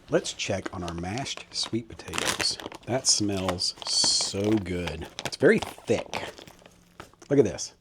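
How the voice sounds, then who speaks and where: A man's voice: on the low side, a little mellow, slight background noise. Folksy man taste-testing food. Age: middle-aged. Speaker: cooking vlogger. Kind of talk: casual cooking vlog. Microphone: handheld camera mic.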